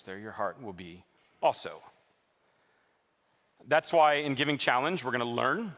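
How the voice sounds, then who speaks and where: A man preaching a sermon as a pastor to his live congregation in a church, telling stories in a lively way and teasing the listeners with jokes. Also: medium pitch. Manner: lively, joking storyteller who teases the congregation.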